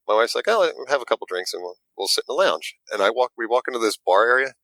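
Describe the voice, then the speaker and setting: A man, a guest who makes models, telling an animated story in casual chat and acting out the quotes with little stammers. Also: mid-range voice, fast talker, no echo, rough recording.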